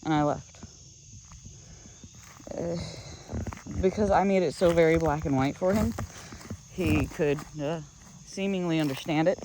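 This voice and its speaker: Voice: medium pitch, a little slow, pauses often, noisy background. Rambling vlogger venting on a woodland walk. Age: adult. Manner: rambling, frustrated, many fillers and restarts. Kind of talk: casual venting vlog while walking. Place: woods, outdoors, walking.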